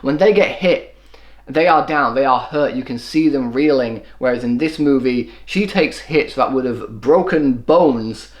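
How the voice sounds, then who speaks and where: A man giving an opinionated solo film review, running his thoughts together without pause. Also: medium pitch. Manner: opinionated, quick run-on delivery. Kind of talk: solo movie review commentary.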